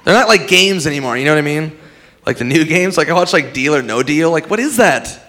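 A man doing a stand-up set, animated and given to shouting. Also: on the high side, fairly quick. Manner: animated, yelling impressions. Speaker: stand-up comedian.

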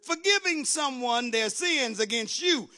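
A man preaching a sermon, swinging from loud shouted lines down to quick low muttering. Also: animated. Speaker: pastor.

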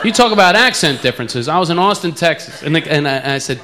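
A man's voice: a little high, animated, fast talker, hardly any pauses. A male stand-up comedian with an East Coast American accent who mocks his own way of talking. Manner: self-mocking, plays with his accent. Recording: loud crowd noise, live club.

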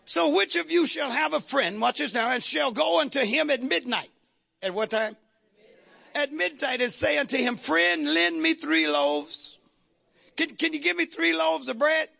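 A male pastor preaching a fervent sermon, shouting at times and calling on the congregation to respond. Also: very high-pitched, moderate pace, creaky.

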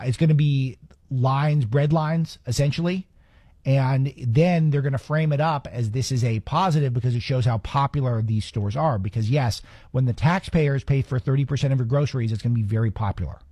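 A man hosts a political talk show and rattles off sarcastic, opinionated commentary. His voice is dark and a little husky. The sound is close and dry, with no room around it. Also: medium pitch, dry recording. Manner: sarcastic, rapid-fire ranting.

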